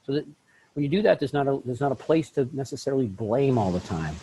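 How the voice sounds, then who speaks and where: A middle-aged man talking candidly as a podcast guest, blunt and animated, laughing often and acting out little scenes. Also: medium pitch, quick pace, slight background noise, rough recording. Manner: animated, blunt, laughs often, acts out voices in his stories. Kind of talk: candid conversational self-help talk.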